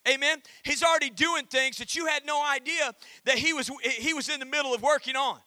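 A man pastor preaching a sermon, calling out to the congregation and reading scripture with emphatic pauses. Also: extremely high pitch, fairly even intonation, bright, forceful tone, no echo. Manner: emphatic preaching with call-and-response.

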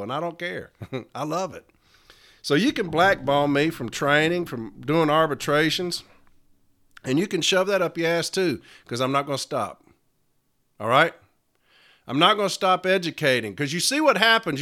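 A man's voice: on the high side, lively intonation, moderate pace, sharp tone. A middle-aged man, a podcast host telling a story and ranting bluntly with lots of laughter and profanity. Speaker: podcast host and letter carriers' union advocate. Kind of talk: storytelling rant.

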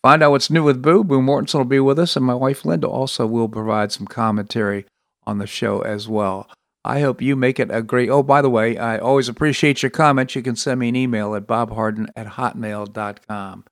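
A man's voice: mid-range voice, fairly even intonation, dry recording. Dry-voiced talk show host man. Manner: enthusiastic, halting with restarts. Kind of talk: casual political talk. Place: Florida.

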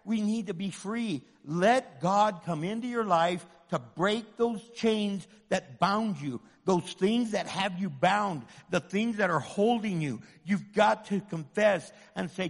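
A man preaching with fervor, driving his points home through repetition and voicing the doubts of his listeners. His voice sits high for a man. It rings out with a long reverb. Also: unhurried. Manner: impassioned, repetitive preaching with acted inner voices. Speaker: pastor. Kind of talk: sermon.

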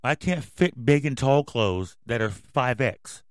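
A man's voice: mid-range voice, lively intonation, measured pace, dry recording, clean studio sound. Angry, swearing male podcast host. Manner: angry, yelling, swearing constantly. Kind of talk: profane ranting commentary.

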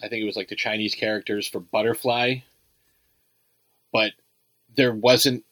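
A man's voice: lowish voice, level tone, moderate pace, fairly bright tone, dry recording, poor audio. A man co-hosting a casual movie review podcast, talking in a loose, rambling way full of "like" and "you know.". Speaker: podcast co-host.

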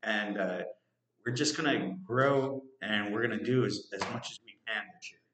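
A man's voice: lowish voice, moderate pace, background noise. Man talking casually in a roomy room. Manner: rambling, joking, many fillers and restarts. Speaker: podcast co-host. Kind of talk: casual podcast chat. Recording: roomy echo.

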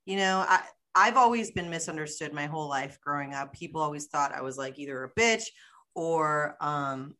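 A woman's voice: low-pitched, normal speed, a bit bright. A woman hosting a podcast in casual chat, blunt and outspoken, laughing easily. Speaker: podcast host.

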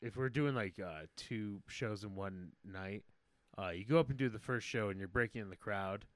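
A young man, a stand-up comedian co-hosting a podcast, joking around casually with quick wisecracks and swearing. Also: lowish voice, no echo.

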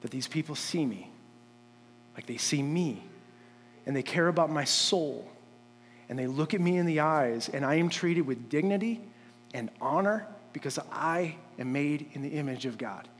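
A man's voice: on the high side, lively intonation, moderate pace, in a large hall, slight background noise. A man preaching a sermon in a church, talking conversationally with many fillers and restarts, and building up to emphatic points. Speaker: pastor. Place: church sanctuary.

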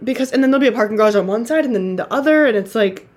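Young woman, podcast host, casual chat, quick reactions, chatty asides. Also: a little high, lively intonation, darkish tone.

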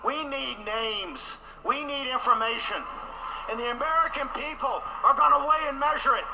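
A man giving a combative political rally speech at a conference, repeating phrases for emphasis and rising to shouts. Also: very high voice, moderate pace, gravelly, noisy background. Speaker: conference speaker.

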